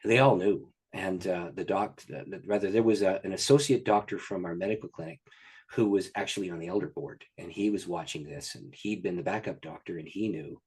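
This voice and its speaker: A pastor, a man, telling a story as a guest in an interview, in an animated and excited way. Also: low-pitched, fairly quick, breathy edge.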